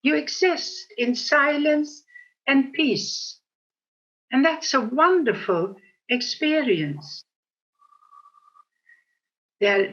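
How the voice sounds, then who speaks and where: An older woman giving a reflective spiritual talk on meditation, with a gentle storytelling manner, on a dull lo-fi recording. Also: on the high side. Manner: gentle storytelling, laughs at herself. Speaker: speaker on meditation.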